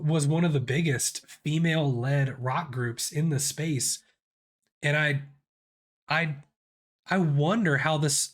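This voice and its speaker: A man in his thirties with a sick voice, hosting a casual music reaction and thinking aloud with many restarts. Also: on the high side. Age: 30s.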